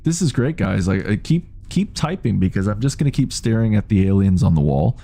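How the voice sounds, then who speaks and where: A man's voice: lowish voice, sing-song, fairly quick, creaky, mellow. A man in his late thirties chatting casually on a game live stream, rambling, swearing freely and reading out chat messages. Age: 30s.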